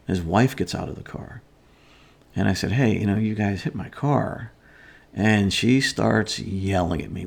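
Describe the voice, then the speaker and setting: A man's voice: on the low side, normal speed, vocal fry. A middle-aged man hosting a casual morning chat, telling a rambling story with lots of fillers and restarts. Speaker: host.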